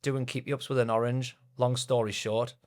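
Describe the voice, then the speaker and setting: A man's voice: mid-range voice, flat delivery, normal speed. A man, telling football anecdotes in a chatty, laughing podcast conversation. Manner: chatty, laughing storyteller who reads out stories sent in. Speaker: podcast co-host.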